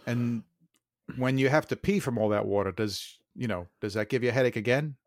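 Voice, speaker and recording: A man's voice: medium pitch, a little fast, no echo, clean studio sound. A man co-hosting a comedy podcast who quizzes his partner, teases him and laughs often. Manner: teasing, laughs often, quizzes the other host. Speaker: podcast co-host running the segment. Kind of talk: joking banter.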